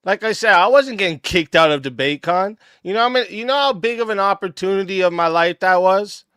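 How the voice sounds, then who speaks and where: A man's voice: sits high, animated, brisk, a bit bright, smooth, dry recording, studio quality. Mocking man ranting with curses.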